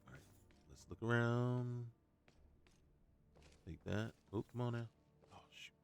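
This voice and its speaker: A man's voice: medium pitch, animated, takes it slowly, smooth, soft background music. A man giving casual let's-play commentary, muttering to himself while looting and breaking into playful outbursts. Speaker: gaming YouTuber.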